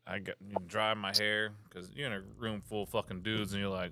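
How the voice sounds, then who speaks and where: Animated cursing man with a deep voice. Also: brisk, hardly any pauses, a little hiss or hum. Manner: animated, heavy cursing, acts out quotes. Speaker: podcast host, Coast Guard veteran. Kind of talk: casual storytelling.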